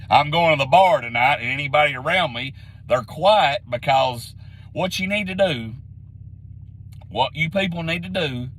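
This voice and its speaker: A man ranting bluntly about sports, repeating his points, sounding a little hoarse from being sick. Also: on the high side, fairly bright tone, a little hiss or hum, rough recording. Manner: blunt, repetitive, heated. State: getting sick, slightly hoarse. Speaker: sports commentary vlogger. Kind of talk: opinionated rant to camera.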